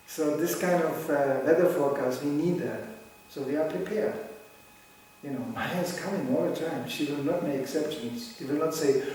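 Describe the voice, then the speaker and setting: A man in his sixties giving a devotional lecture, chuckling often as he tells stories in an animated way. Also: a little high, brisk, a little hiss or hum. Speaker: spiritual teacher. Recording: echoey hall from far off.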